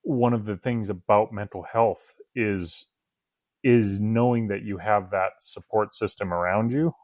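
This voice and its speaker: A man's voice: on the low side, a little slow, darkish tone, no echo. A man hosting a podcast, reflecting in a thoughtful, casual way, with some restarts. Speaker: podcast host. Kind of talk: casual interview chat.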